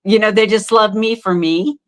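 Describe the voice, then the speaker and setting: A middle-aged woman telling her own story as a podcast guest, heartfelt and halting, with many fillers and restarts. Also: mid-range voice, steady tone. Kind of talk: candid interview storytelling.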